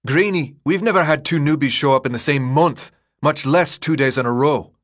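A man reading an excitable teenage boy who speaks loudly and emphatically with slang. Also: on the high side, moderate pace, voice pushed up, natural voice. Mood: excited. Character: excitable teen boy, older hand, brash.

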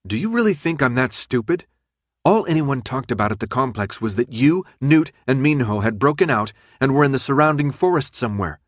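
A man's voice: mid-range voice, animated, fairly quick, no echo, studio quality, voice pushed up, close to an everyday voice. A man reading an audiobook, voicing a young woman who pleads her case insistently. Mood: pleading.

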